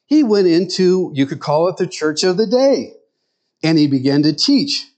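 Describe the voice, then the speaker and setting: A male pastor delivers a sermon in an easygoing, conversational way. He often pauses to ask his listeners rhetorical questions. His voice sits a little high for a man. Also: lively intonation, a little mellow.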